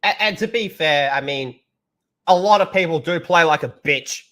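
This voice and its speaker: A man's voice: on the high side, normal speed, sharp tone. A man ranting bluntly and profanely as a stream commentator.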